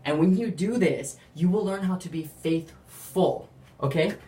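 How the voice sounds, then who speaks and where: At a measured pace and in a mid-range voice, this speaker offers a relaxed account of their faith, wandering off track and leaning hard on "like." Quoted lines get acted out with lively energy, and the recording is distant and roomy.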